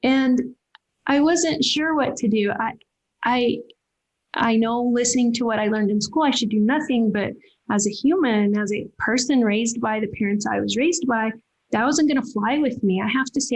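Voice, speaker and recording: A woman's voice: on the high side, normal speed, rough recording. A woman veterinarian, a podcast guest, telling a personal story earnestly and emotionally, often restarting her sentences. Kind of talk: candid interview storytelling.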